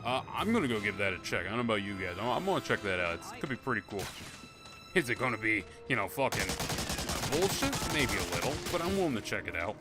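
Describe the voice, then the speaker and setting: Male game streamer with a lowish voice, loose and profane, talking to chat over loud game music. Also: very animated, fast. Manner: rambling, profane, joking. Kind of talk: casual live-stream commentary. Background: game music and gunfire.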